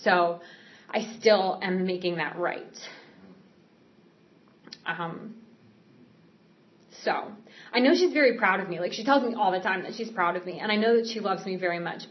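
A woman's voice: medium pitch, normal speed, pauses often. A woman giving a candid personal recovery testimony, speaking earnestly with frequent fillers and restarts. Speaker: speaker sharing a recovery story. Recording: slightly dull, muffled recording.

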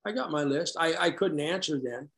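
A man sharing his personal story at a recovery meeting, candid and self-deprecating, halting and restarting as he talks. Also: on the high side, fairly bright tone. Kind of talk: personal story told to a group.

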